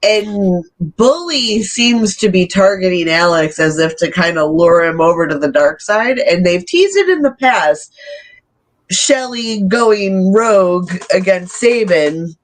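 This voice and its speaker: A podcast panelist in casual review chat, measured and hesitant, thinking aloud. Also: mid-range voice.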